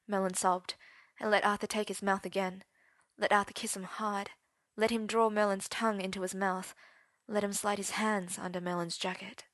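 A woman's voice: mid-range voice, level tone, moderate pace, fairly bright tone, no echo. Woman reading a story, dry and intimate. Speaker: story reader. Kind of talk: expressive story narration.

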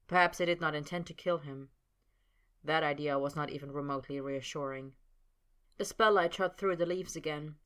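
Low-voiced woman reading a story. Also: fairly bright tone. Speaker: narrator. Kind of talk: scripted audiobook narration of fan fiction.

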